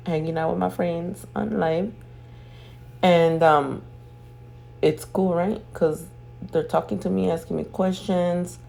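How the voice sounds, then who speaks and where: Sleepy low-voiced woman, gravelly and profane. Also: darkish tone, slight background noise. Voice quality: throat feels off, clears throat. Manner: chatty, profane, slangy storytelling. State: sleepy, just woken up. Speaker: nail artist and video host. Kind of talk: casual voiceover chat. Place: at home doing her makeup.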